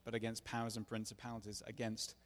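A fairly low, monotone male voice speaks fast as a preacher recounts his testimony in a sermon. Earnest and confessional, he acts out the dialogue, with a large hall's long reverb behind him.

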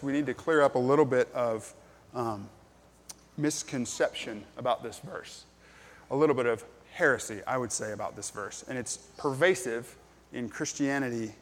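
A man's voice: medium pitch, in a large hall. A man preaching a sermon as pastor, earnest and plain-spoken, with frequent ums and restarts.

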